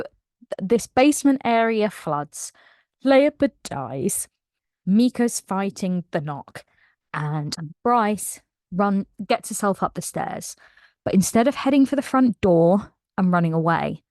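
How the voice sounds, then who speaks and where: A woman recapping a book in a casual, animated way, laughing often as she retells it. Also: mid-range voice, dry recording. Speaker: book reviewer.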